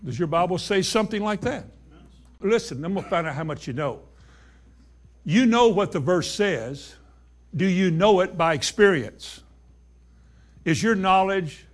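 A man's voice: high-pitched, lively intonation, unhurried, pauses often. A man preaching a sermon, reading scripture aloud and putting emphatic questions to his congregation.

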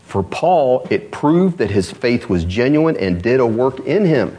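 A man, the pastor, preaching a sermon in an animated, conversational way, often asking the congregation rhetorical questions. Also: mid-range voice, a little slow, husky.

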